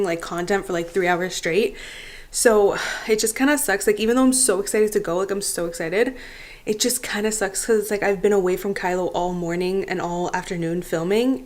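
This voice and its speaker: A young woman vlogging into her phone, rambling casually with lots of "like" as she runs errands and talks at home. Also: fairly low pitch. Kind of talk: casual vlog chat to camera. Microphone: phone held at arm's length.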